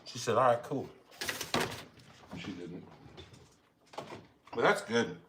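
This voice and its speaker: A man talks over a meal on his home live stream, rambling and poking fun at himself. His voice sits at an ordinary middle pitch, and he sounds like he's talking into a phone. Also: expressive, slow, heavy background noise. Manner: rambling, self-mocking, chatty. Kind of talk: casual chat while eating.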